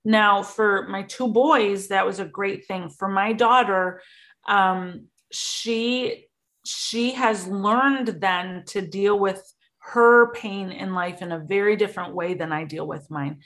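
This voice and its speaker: Earnest woman talking openly in a casual chat, middle pitch. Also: slow, a bit bright. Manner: earnest, openly emotional talk.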